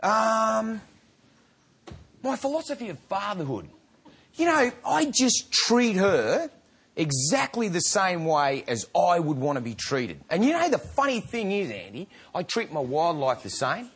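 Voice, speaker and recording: Lively laughing Australian man. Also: sits high, a little slow, gravelly, breathy edge. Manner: animated, laughing storyteller with slang. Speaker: guest. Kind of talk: casual interview chat.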